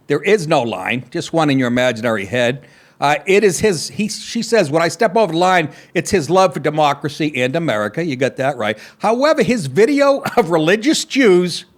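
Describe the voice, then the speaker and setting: A male comedian hosts his show with a profane, sarcastic, exasperated rant. His pitch leaps around in a lively way and sits a little high. He jumps from loud outbursts to muttered asides. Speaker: comedian hosting a podcast. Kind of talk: ranting comedy commentary.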